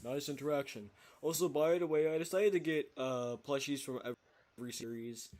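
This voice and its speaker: A man's voice: on the high side, normal speed, a little mellow, pitched above the performer's own voice, lightly acted. A man narrating a plush video and putting on silly character voices, hopping between them.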